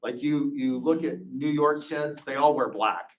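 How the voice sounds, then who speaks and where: A man's voice: medium pitch, measured pace, far from the mic, slight background noise. A man giving an informal classroom lecture, chatty and anecdotal, drifting into loose personal stories. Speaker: instructor.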